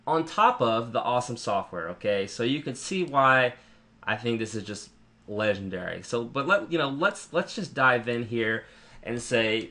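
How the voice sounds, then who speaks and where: A man giving a casual, rambling review of marketing software while clicking through it on screen, with frequent ums and restarts. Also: mid-range voice. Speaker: product reviewer.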